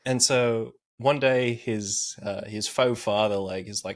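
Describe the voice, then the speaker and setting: A man's voice: mid-range voice, steady tone, normal speed, few pauses. A young man recapping anime on a podcast, laughing often and swearing casually as he tells the story.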